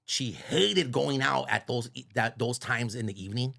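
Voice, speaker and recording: A middle-aged man, a radio host, telling stories as a guest in a casual, profane, animated way, often saying "bro.". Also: mid-range voice, moderate pace, vocal fry. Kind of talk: casual storytelling.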